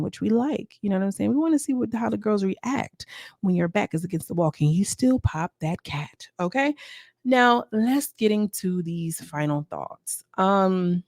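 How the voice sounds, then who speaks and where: A young woman chats through a reality-show recap in a gossipy, animated way, slipping into the cast's lines as she goes. Her voice has a gravelly fry to it. The recording is dry and close. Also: mid-range voice, no echo. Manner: chatty, gossipy, acts out quotes from the cast.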